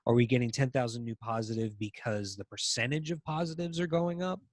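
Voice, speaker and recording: A man co-hosting a casual political chat, talking in halting stretches full of ums and restarts. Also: medium pitch, no room sound, clean studio sound. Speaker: podcast co-host.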